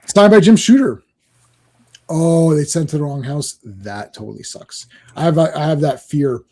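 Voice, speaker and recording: A man's voice: on the high side, unhurried, mellow. A man co-hosting a casual comic book chat, rambling, laughing often and quoting scenes in other voices. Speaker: podcast co-host. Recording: livestream call.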